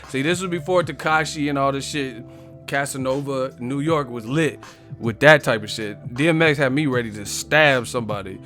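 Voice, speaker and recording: A man's voice: medium pitch, normal speed, a bit bright, faint music behind. A man hosting a casual live stream, telling profane stories and laughing often.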